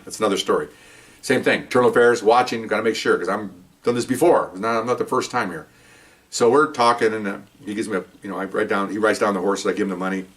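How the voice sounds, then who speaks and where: Older ex-cop, fast and lively. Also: male voice. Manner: animated, jumps up in pitch when acting out dialogue. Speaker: retired police officer. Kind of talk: casual storytelling. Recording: voice picked up from a distance.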